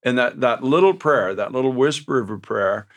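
A man's voice: mid-range voice, moderate pace. A man hosting a faith talk show, encouraging his guest in a preacher's cadence. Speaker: host.

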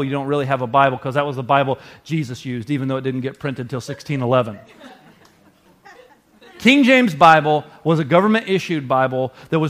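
A male pastor with a fairly high voice delivers a sermon in an earnest, conversational style, tossing asides to the congregation.

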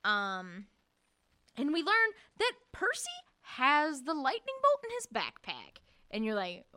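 A young woman co-hosting a casual book podcast, laughing often and acting out characters' lines in quick voices. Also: high-pitched, wildly swooping pitch, bright, forceful tone. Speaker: podcast co-host.

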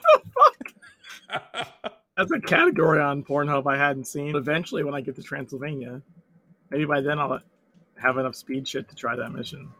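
A hoarse man with a sore throat, chatting and swearing excitedly while playing an online game with friends. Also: fairly high pitch, moderate pace, long pauses. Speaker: fellow player. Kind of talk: casual gaming chat.

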